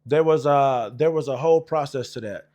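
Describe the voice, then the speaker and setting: A man's voice: medium pitch, moderate pace, warm tone. A man in his forties, an Air Force veteran, telling service stories in a rambling, profane, casual way with lots of fillers. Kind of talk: casual storytelling.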